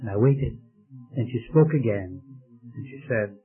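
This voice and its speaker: A man's voice: mid-range voice, measured pace. A male preacher pleading earnestly in a sermon, then leading a prayer. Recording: tinny phone-like old radio recording with faint music.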